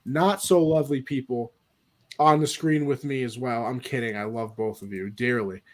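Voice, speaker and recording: A man's voice: mid-range voice, steady tone, normal speed, darkish tone. A man hosting a casual online mock draft show as its commissioner. He talks in a playful, joking way and shifts into an announcer tone.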